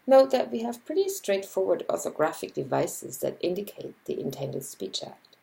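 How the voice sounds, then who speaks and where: A woman lecturer giving scripted narration about linguistics, measured and explanatory, acting out example sentences as she goes. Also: lowish voice, sing-song, vocal fry, warm tone, poor audio.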